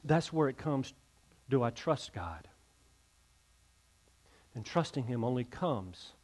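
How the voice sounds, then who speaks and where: A man's voice: mid-range voice, a little mellow, slightly rough. A male pastor, preaching a sermon and leading an invitation, earnest and emphatic, often repeating words as he builds.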